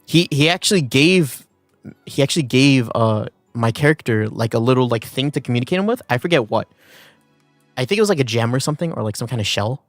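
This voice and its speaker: A man's voice: mid-range voice, expressive, fairly quick, no room sound, soft background music. A man streaming, telling a long story in a casual rambling way, full of fillers and restarts. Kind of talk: casual chat.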